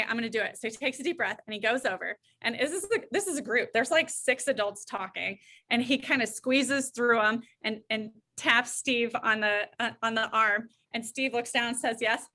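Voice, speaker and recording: Telling a story from her experience, this middle-aged guest counselor brings it to life by voicing the characters herself. Her pitch sits on the high side, and she speaks at a normal speed.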